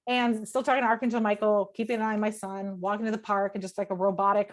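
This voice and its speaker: A woman appearing as a podcast guest over a video call tells a personal story with strong emotion, swearing freely and often quoting her own thoughts. Her mid-range voice keeps a fairly even intonation, and she talks quickly with hardly any pauses.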